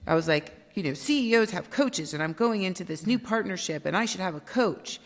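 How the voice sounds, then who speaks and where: A woman guest on a podcast, telling her story in an animated way and acting out quoted dialogue. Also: fairly low pitch, a little fast. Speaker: guest, company founder. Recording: long reverb.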